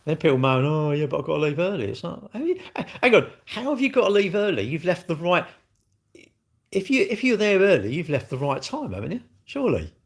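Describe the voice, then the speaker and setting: Bloke, live-stream host, blunt and rambling, cheeky asides to chat. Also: male voice, high-pitched, very animated, a little fast, husky.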